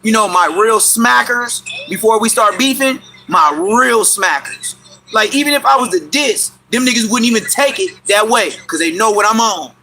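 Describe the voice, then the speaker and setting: A man with Los rants on a livestream, his voice high and very bright. He talks in loud, repetitive bursts and breaks into sudden yelps. A faint noise hangs behind him. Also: expressive, normal speed, poor audio. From Inglewood, California. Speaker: livestream host. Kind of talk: animated livestream rant.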